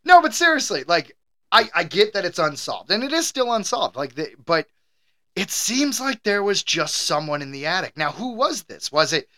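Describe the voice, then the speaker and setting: Animated, joking male podcast host. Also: high voice. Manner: joking, animated, quick to tease. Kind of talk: casual chat.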